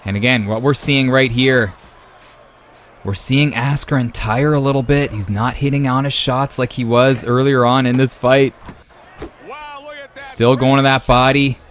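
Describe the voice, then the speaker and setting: Male channel host, casual and excitable play-by-play of a boxing video game, friendly bro-style banter. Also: mid-range voice, a little slow, slight background noise. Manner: excitable, jumps to loud exclamations at big moments; casual, says "man" and "brother". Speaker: YouTube sports host.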